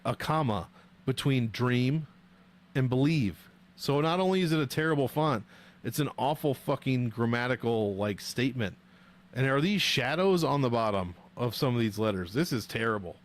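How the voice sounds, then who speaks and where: A young man at a home streaming desk talks straight into his microphone, chatting loosely with his viewers. He jokes, swears freely and riffs in animated banter, his voice sitting at an ordinary mid pitch for a man. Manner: profane, joking, animated banter. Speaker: livestream host rating fighter nicknames. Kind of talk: casual livestream chat with viewers.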